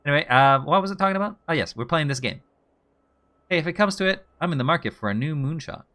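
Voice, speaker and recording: A man's voice: on the high side, animated, fast talker, pushed and bright. A man doing casual, jokey commentary over a game he is streaming, often laughing as he talks. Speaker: let's play streamer.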